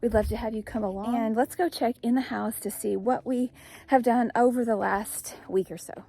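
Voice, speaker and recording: Chatty woman, mellow voice. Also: fairly high pitch, fairly even intonation, a little fast. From East Tennessee. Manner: chatty, rambling, upbeat. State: out of breath. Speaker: homestead vlogger. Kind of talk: casual vlog talk. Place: outdoors on a hillside homestead.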